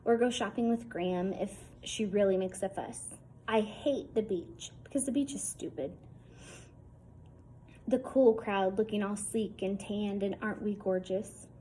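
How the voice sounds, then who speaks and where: A woman's voice: medium pitch, dark tone, slight background noise, poor audio. A woman reading a novel aloud in a casual, wry first-person storytelling tone. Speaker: audiobook reader.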